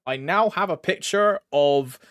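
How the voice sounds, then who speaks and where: A man's voice: fairly high pitch, a little slow, a bit bright, no room sound, clean studio sound. A young man chatting casually while streaming a game, rambling, laughing often and using crude slang.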